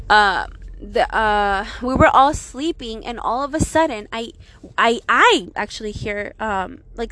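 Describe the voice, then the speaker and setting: A woman's voice: on the high side, slight background noise. A young woman casually telling a personal scary story, swearing often and filling her talk with "like". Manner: profane, animated, lots of "like" fillers.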